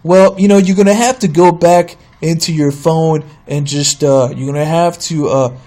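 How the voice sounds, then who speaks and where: A man's voice: a little high, fairly even intonation, normal speed, warm tone, lightly acted. A man voicing a laid-back young female cashier on her first day, drawling with slang and apologies. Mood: apologetic.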